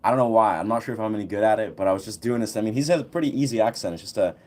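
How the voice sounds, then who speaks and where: This young livestream host races along in a lowish, slightly mellow voice. He chats casually with his viewers and answers them in a meandering way packed with filler words.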